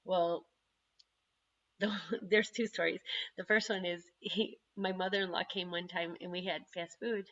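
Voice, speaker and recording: A woman, the parent of an autistic son, chatting casually on a video call and telling stories in an animated way. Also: fairly low pitch, a little slow, dull audio, slight background noise. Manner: chatty, animated storytelling with frequent laughs. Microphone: computer microphone on a video call.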